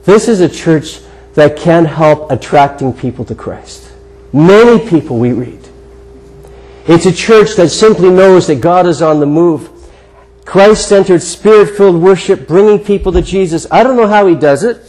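A man preaching a sermon, telling a personal story in an earnest way with emphatic pauses. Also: high voice, expressive, darkish tone, low-quality recording. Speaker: guest preacher.

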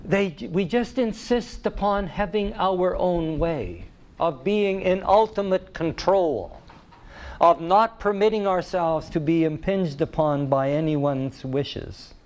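Slow, deliberate male preacher. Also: sits high, lively intonation, darkish tone. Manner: deliberate, emphatic, repeats key phrases. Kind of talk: sermon.

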